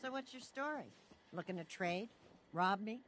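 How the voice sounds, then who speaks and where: A woman's voice: mid-range voice, expressive, normal speed, a bit bright, slight background noise, close to an everyday voice. A woman voicing a tough, wisecracking older female trader in a video game, with a brassy, blunt manner. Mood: wry. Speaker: wasteland trader.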